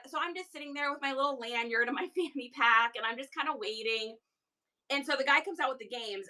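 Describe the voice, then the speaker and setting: A bright, forceful woman's voice sitting a little above the usual range, hosting a reseller livestream from home. She tells her story in a loose, chatty way and keeps breaking off to greet viewers and thank people in the chat. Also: high voice, poor audio. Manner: chatty and animated, quick asides to viewers. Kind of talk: casual storytelling to a live chat.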